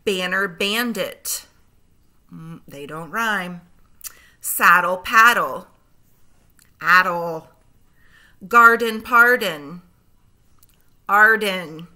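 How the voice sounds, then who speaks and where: A woman teaching a phonics lesson to young children, sounding out words slowly and clearly, with gentle encouragement. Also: medium pitch. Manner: clear, slow, drawn-out word sounding.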